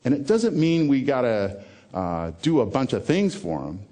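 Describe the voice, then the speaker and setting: A man giving a motivational talk on stage, emphatic, repeating key phrases and swinging between loud lines and hushed ones. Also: medium pitch, very animated, moderate pace. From American South. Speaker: motivational speaker. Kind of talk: TEDx keynote talk.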